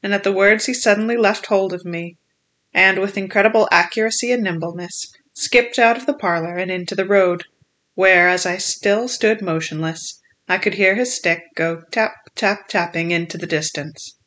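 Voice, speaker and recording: An audiobook narrator reading a classic adventure novel in a measured, steady storytelling manner. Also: medium pitch.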